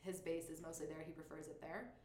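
Fast-talking woman with a low voice. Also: steady tone, darkish tone, reverberant. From California. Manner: chatty, laughs often, many "like" fillers. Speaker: podcast guest, comedian. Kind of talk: casual chat.

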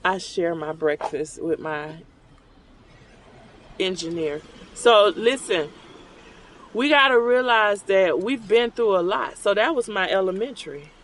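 A man's voice: sits high, a little slow, fairly bright tone, slight background noise. A middle-aged man hosting a show, telling a rambling, conversational story from his car at a drive-thru. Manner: rambling, conversational, acts out remembered dialogue. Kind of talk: casual storytelling while ordering at a drive-thru.

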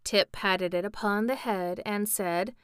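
A woman reading a children's book aloud in a calm, measured way. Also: mid-range voice, smooth, no echo, clean studio sound. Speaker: storyteller.

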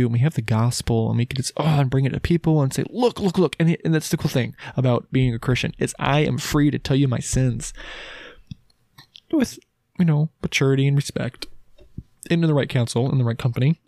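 A man's voice: mid-range voice, a little mellow, no room sound, studio quality. A man hosting a solo podcast, talking casually in a rambling, chatty, self-deprecating way. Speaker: podcast host.

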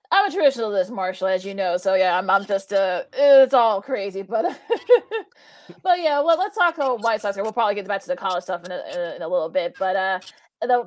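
A woman's voice: medium pitch, no room sound. Chatty woman co-hosting sports talk. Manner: laughs easily, chatty. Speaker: sports show co-host.

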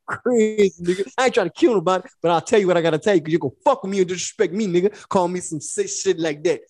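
A man's voice: high voice, fast, a little mellow, dry recording, studio quality. A young man co-hosting a podcast, telling a profane story and acting out both sides of it. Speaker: podcast co-host. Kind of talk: casual storytelling.

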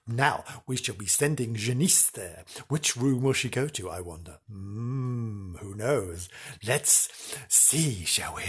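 A man's voice: medium pitch, breathy edge. A man hosting a comic radio-style show in a camp, rambling, mock-dramatic way. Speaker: host.

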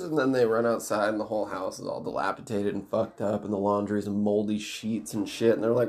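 A man's voice: on the low side, steady tone, darkish tone. Man, casual plot recap, rambling and profane, loose and chatty delivery. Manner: rambling, swears, quick voice switches for characters. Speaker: book recapper. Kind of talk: casual story retelling.

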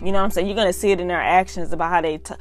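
A woman's voice: fairly low pitch, fairly even intonation, very fast, soft background music. A young adult woman, earnestly reading and talking through scripture in a casual devotional vlog. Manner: earnest, emphatic, repeats "y'all". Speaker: faith vlogger reading devotional.

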